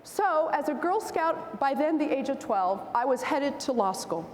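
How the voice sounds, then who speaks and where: A woman in her forties giving a storytelling speech at a convention, animated and acting out the voices in her anecdotes. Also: high voice, a little slow, noisy background. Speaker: keynote speaker. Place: large convention hall. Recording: roomy hall reverb, faint ambience.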